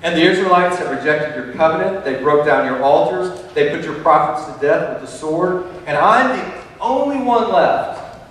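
A weary prophet, put on by a preacher, pleads and complains over and over, sounding sorry for himself. The man's voice sits a touch high. It carries from far off in a roomy hall with a long echo. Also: animated, moderate pace, fairly bright tone. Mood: pleading. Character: weary, self-pitying male prophet pleading with God.

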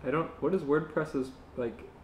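A man co-hosting a podcast, chatting casually in a low-key, mumbly way and reading fan fiction aloud. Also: normal speed, a little hiss or hum. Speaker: podcast co-host. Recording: roomy echo.

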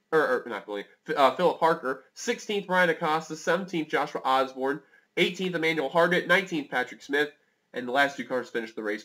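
A man calling a motor race play by play, excitable and rising to near-shouts at close finishes. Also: fairly high pitch. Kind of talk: live motorsport commentary.

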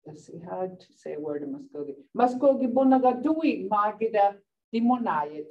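A woman teaching a vocabulary lesson in class. She laughs often and repeats words slowly for the learners. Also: mid-range voice, big pitch swings. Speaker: language teacher. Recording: dull lo-fi sound from a distant mic.

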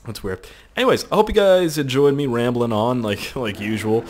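A man rambles through casual game commentary, swearing and getting excited. His voice sits at an average pitch, with faint noise in the background. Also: normal speed. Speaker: host.

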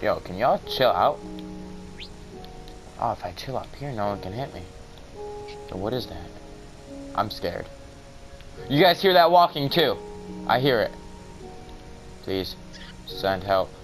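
A young man casually commentating his own game, mumbling to himself and then bursting out in excitement. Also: lowish voice, slow pace, pauses often, over music, low-quality recording. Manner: excitable, swings from mumbling to yelling. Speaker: gamer. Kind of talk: casual let's-play commentary. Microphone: cheap mic with white noise.

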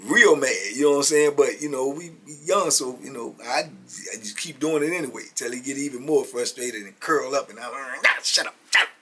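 A man's voice: medium pitch, fairly quick, fairly bright tone, slightly rough. A man in his fifties telling prison stories in a casual, emphatic street-talk monologue, often chuckling and tagging lines with "man".

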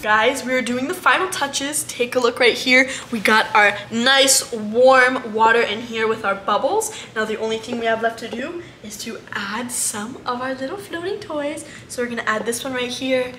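A young woman with a high, bright voice hosts a casual animal vlog. She talks to her viewers and slips into excited, cooing baby talk. Faint noise sits under the recording. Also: normal speed, few pauses. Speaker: animal care vlogger.

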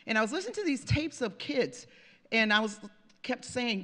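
A woman with a fairly high, sing-song voice speaks at a moderate pace, her tone pushed and bright. She's a lecturer on language and reading from the United States' Pacific Northwest, giving a conversational conference presentation with stories and audience asides. The lecture hall she's in is reverberant.

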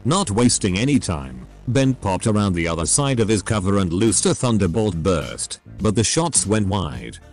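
Brief: synthetic male narrator, low-pitched, lively pitch swings, reads scripted story narration. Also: moderate pace, hardly any pauses, faint music behind. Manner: steady machine-read delivery. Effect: synthetic text-to-speech voice.

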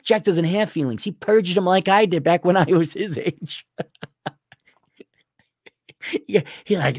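A man's voice: high-pitched, measured pace, pauses often, husky, no room sound, studio quality. A middle-aged man ranting bluntly and sarcastically in a vlog monologue. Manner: blunt, sarcastic, animated, mocks others in put-on voices. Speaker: vlogger.

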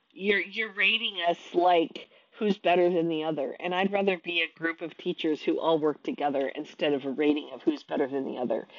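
A woman's voice: mid-range voice, dry recording, dull audio. A woman in her thirties, an online teacher, venting her frustration in a casual talk to camera, often restarting her sentences.

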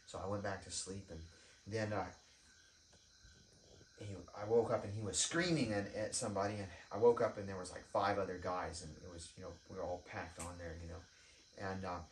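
A man's voice: deep voice, fairly even intonation, moderate pace, slight background noise. A man giving an informal sermon, telling a story with ums and restarts, then leading a prayer. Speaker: preacher. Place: church prayer room. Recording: echoey room, mic at a distance.

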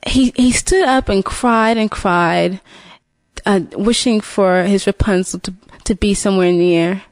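A woman's voice: mid-range voice, a little slow, no room sound. A woman retelling a fairy tale from memory, often restarting and repeating words as she goes. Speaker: storyteller. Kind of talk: unscripted storybook retelling.

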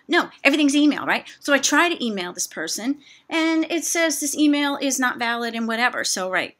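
Middle-aged woman vlogger, exasperated and chatty, bright tone. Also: fairly high pitch. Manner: chatty, exasperated, self-mocking asides. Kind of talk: casual rant to camera.

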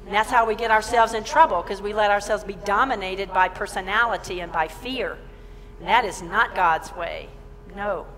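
A woman's voice: mid-range voice, moderate pace, fairly bright tone. A woman minister giving a sermon, emphatic, repeating her phrases and asking the congregation questions. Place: church sanctuary. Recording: long church reverb.

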